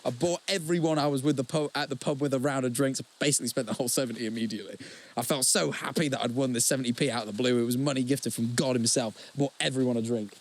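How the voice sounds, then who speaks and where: A man's voice: medium pitch, fairly even intonation, fast talker. A young man co-hosting a podcast, telling stories in casual chat with lots of swearing and repeated words. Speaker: podcast co-host.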